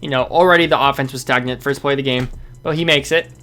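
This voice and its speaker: A man's voice: medium pitch, fairly even intonation, fast talker, fairly bright tone. A man hosting a basketball fan show, giving a casual, rambling game recap that often corrects itself and sounds frustrated.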